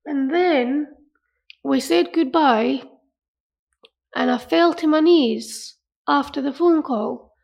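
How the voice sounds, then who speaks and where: A woman telling an emotional personal story in an earnest, halting way, often repeating herself. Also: sits high, vocal fry. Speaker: interviewee. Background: soft music.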